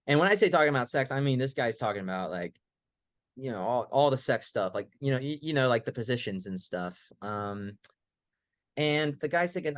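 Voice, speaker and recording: A young man co-hosting a comedy pitch show, telling a long joke in a casual, animated way and acting out the characters as he goes. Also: normal speed, no echo, clean studio sound. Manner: animated, acts out characters in the story.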